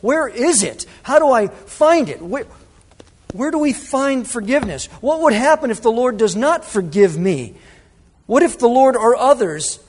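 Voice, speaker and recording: A male pastor preaching a sermon to his congregation, dramatic, swinging between loud emphasis and hushed asides. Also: very high voice, animated, a little slow, slight background noise. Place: church sanctuary. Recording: reverberant church hall.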